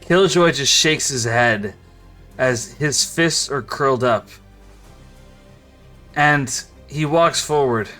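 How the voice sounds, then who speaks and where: A man narrating as game master for a tabletop game, rambling and quick to laugh. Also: on the high side, fairly bright tone, faint music behind.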